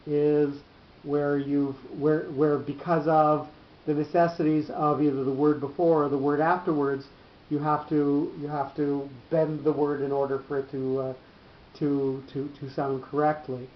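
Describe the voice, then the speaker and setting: A man teaching a Torah class to a small group, explaining points step by step with halting restarts. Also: fairly high pitch, level tone, slight background noise. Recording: roomy dull lo-fi class recording.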